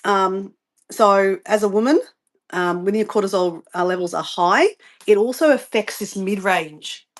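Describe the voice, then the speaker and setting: A woman's voice: medium pitch, a little slow. Chatty middle-aged Australian woman rambling. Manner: rambling, chatty, sidetracked, answers viewer comments. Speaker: vlogger livestreaming her morning routine. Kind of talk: casual live-stream chat to viewers.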